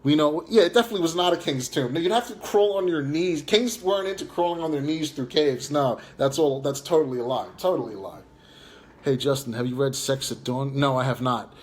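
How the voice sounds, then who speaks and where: Brisk and slightly high-pitched, this Long Island man with a New York accent barely pauses. Hosting a live stream, he rants casually in chat, mocking and taunting a viewer and using plenty of fillers.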